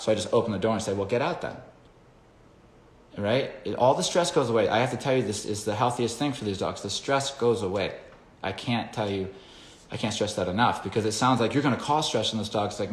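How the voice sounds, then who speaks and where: A man's voice: lowish voice, echoey room. A man, a dog trainer, explaining his method in a casual lesson, blunt and swearing freely as he talks straight to viewers.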